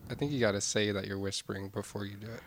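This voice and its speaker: A man with a slightly low voice jokes through comedy podcast banter in a playful, mock-boastful way. He keeps a casual, easy tone. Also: steady tone, rapid-fire. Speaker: co-host.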